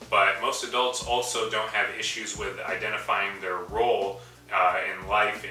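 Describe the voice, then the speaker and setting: Young man, student presenter, deep-ish voice, mock news-anchor delivery, distant mic, faint music behind. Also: pushed and bright, echoey room. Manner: tongue-in-cheek, formal reporter-like delivery with dry asides. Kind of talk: school presentation in a mock news-reporter persona.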